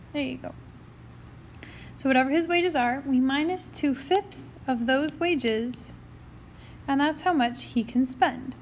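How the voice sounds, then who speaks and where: A woman's voice: sits high, a little hiss or hum. A woman math teacher with the hiccups, talking through a recorded lesson in a chatty, upbeat way and explaining each step as she goes. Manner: chatty and upbeat, talks through her steps. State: has the hiccups.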